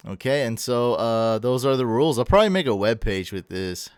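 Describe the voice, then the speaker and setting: A man's voice: medium pitch, lively intonation, fairly quick, smooth, dry recording, clean studio sound. A tired man hosting a casual livestream, chatting loosely, thanking viewers and stumbling over their names. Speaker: livestream host. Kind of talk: casual livestream chat reading viewer comments. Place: home room.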